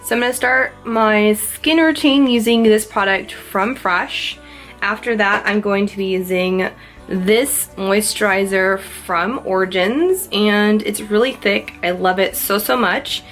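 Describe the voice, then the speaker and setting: A young woman talks her way through a quick makeup routine for a vlog, chatty and self-mocking as she works. She sounds a little out of breath, and faint music plays in the background. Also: medium pitch, a bit bright, low-quality recording. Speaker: beauty vlogger. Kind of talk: casual get-ready-with-me makeup chat.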